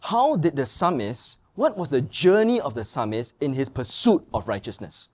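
Animated man preaching, lively pitch. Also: moderate pace. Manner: animated storyteller, mimics people with high sing-song voices. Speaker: pastor. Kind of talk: sermon with anecdotes.

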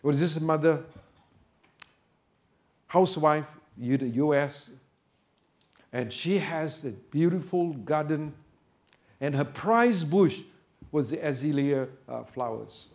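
During a sermon, a male preacher tells a story, moving from soft, quiet narration to loud, emphatic preaching. His pitch is fairly high and expressive, and he speaks slowly with long pauses.

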